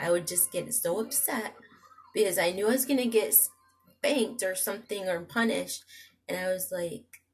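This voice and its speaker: Low-voiced woman rambling a confession. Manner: rambling, emotional, many restarts and asides. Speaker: vlogger. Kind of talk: personal confessional monologue.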